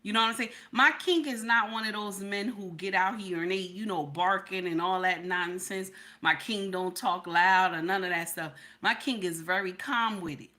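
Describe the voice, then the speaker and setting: Emphatic woman with a bright voice. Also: medium pitch. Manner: emphatic, repeats lines, talks to chat. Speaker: livestream reaction host. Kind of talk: casual livestream commentary.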